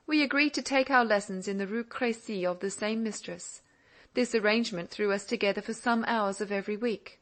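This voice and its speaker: A woman narrating a classic novel in an audiobook, measured and reflective. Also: medium pitch, a bit bright.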